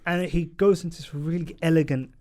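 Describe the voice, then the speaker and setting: Man, slightly high voice, lively recap of a show episode, storyteller host. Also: brisk. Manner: animated storytelling, recounts scenes with laughs. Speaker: podcast co-host. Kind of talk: casual TV review chat.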